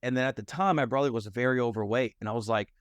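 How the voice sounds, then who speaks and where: A man's voice: medium pitch, fast talker, clean tone, no room sound, studio quality. A young American man, a mindset and fitness coach, candidly telling his life story in a podcast conversation, rambling with lots of "like" and "you know". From United States.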